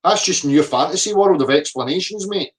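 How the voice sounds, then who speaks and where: A man's voice: sits high, a little fast. A middle-aged man, ranting profanely at viewer comments, abrasive and mocking. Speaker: flat earth video commentator. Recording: voice a bit distant from the mic.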